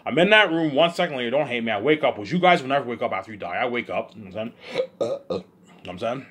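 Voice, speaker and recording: A man talking alone in a rambling monologue, repeating himself and swinging between loud outbursts and low mumbles. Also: animated, racing, slightly rough. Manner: repetitive, keeps saying "you know what I'm saying". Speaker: host of his own listening series.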